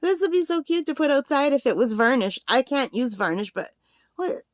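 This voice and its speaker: A woman's voice: high-pitched, very animated, moderate pace, no room sound. A woman hosting a craft channel, unboxing a gift in a casual vlog, giggly and gushing, rambling, overtired on little sleep.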